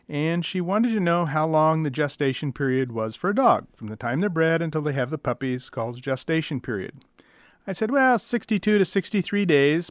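A man's voice: on the high side, no echo. A middle-aged man, a veterinarian, telling dry, wry stories about the questions his callers ask. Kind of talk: storytelling monologue.

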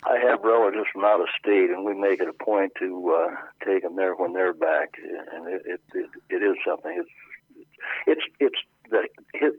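Man, board member guest, very low voice, stumbles and restarts, heard through a phone. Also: husky, no echo. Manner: halting, many repeated starts. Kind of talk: casual radio interview by phone. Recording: tinny phone line.

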